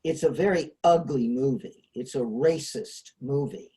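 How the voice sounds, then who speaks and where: A man's voice: medium pitch, unhurried, mellow. A man hosting a casual discussion over a video call, explaining ideas with frequent hesitations. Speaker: host.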